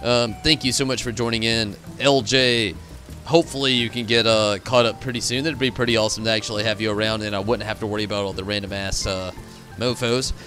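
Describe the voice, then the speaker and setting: A man's voice: fairly low pitch, fairly even intonation, fast, pushed and bright, soft background music. A tired, frustrated man signing off his stream, rambling and swearing as he thanks his chat. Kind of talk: casual stream sign-off to chat.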